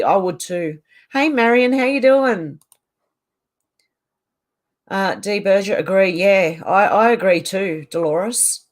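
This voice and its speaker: A middle-aged Australian woman chatting casually from her home on a livestream, reading out and answering viewer comments. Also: mid-range voice. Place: home on a mountain.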